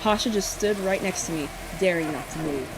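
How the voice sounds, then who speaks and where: A woman's voice: on the low side, a little fast, noisy background. A woman co-hosting a podcast, reading a spooky campfire story aloud in a casual way and often breaking into giggles.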